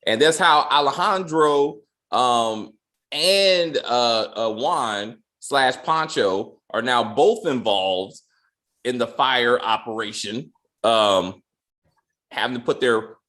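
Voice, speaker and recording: A man's voice: medium pitch, slow pace, sharp tone. A man hosting a casual review chat, joking and using loose slang. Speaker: podcast host reviewing a TV episode.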